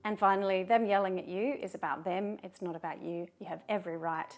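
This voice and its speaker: A woman talking to camera in a video, giving calm, measured advice and turning firm when she gives short commands. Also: mid-range voice. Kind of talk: direct-to-camera advice talk.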